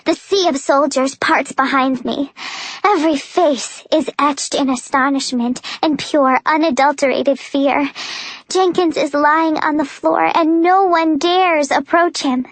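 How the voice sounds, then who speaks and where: High-voiced woman reading intensely. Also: steady tone, measured pace, dry recording. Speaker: audiobook narrator. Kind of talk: first-person audiobook narration.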